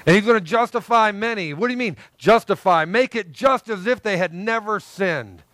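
A man's voice: sits high, normal speed, fairly bright tone, no room sound. A man preaching a sermon in an earnest, conversational way, repeating phrases for emphasis. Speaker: pastor.

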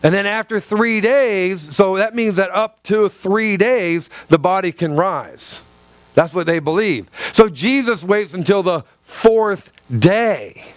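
High-voiced impassioned male preacher. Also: lively intonation, slow, dry recording. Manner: impassioned, repetitive preaching with acted-out quotes. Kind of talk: sermon.

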